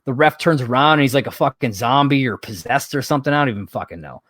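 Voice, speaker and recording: A man's voice: mid-range voice, animated, fast, a bit bright, no room sound. Profane, exasperated male podcast host, dry sound. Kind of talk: casual wrestling recap chat.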